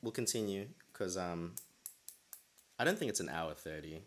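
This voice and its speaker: A man's voice: low voice, lively intonation, moderate pace. A young man hosting a podcast, telling a personal story in a rambling way with many restarts. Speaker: podcast host. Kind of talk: casual chat.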